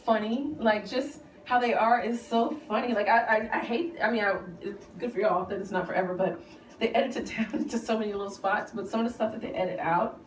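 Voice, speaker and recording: A woman on a reality show chatting in a casual interview, telling animated stories with lots of laughter. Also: a little high, brisk. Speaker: reality TV cast member, guest. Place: outdoors on the street. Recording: echoey, distant mic with street noise.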